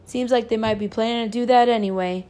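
A woman's voice: on the high side, fairly even intonation, fast talker, dark tone, natural voice. A woman reading aloud, voicing an angry, protective father who speaks firmly. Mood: stern. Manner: firm, scolding, protective. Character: stern angry father, a farmer.

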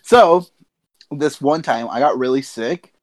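A young man co-hosting a podcast in casual chat, animated and swearing as he tells stories. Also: mid-range voice, a little slow, dry recording. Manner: animated storyteller, swears a lot, laughs through stories. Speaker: podcast co-host.

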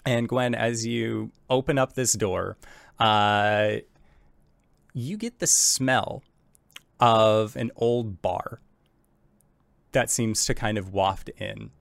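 Male game master, low gravelly voice, unhurried scene-setting narration. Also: no echo. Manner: relaxed descriptive narration with many fillers.

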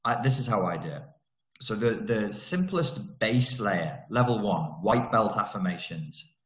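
A man's voice: lowish voice, unhurried. Blunt man teaching in an echoey room. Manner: blunt, swears, animated emphasis. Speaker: therapy coach. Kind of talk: casual solo talk, teaching.

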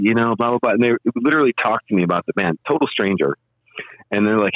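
A man with a fairly low voice spins rambling anecdotes in a casual chat, slipping into lively quoted voices. The audio is dull and lo-fi, with a dry, close sound. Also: fast, no room sound.

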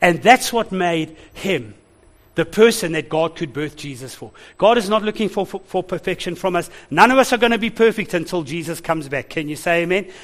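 A man preaching a sermon as pastor, animated, laughing and calling out to the congregation. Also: high-pitched, moderate pace.

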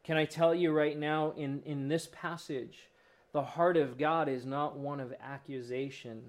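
A man preaching a sermon with emotional swings, building to loud peaks and then dropping to a soft, low voice. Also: fairly even intonation, measured pace. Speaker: pastor.

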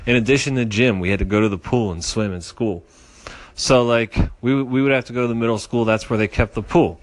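A man's voice: medium pitch, brisk, dry recording. A man co-hosting a podcast, wisecracking and swearing in casual chat. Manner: profane, wisecracking, interjects often. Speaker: podcast co-host.

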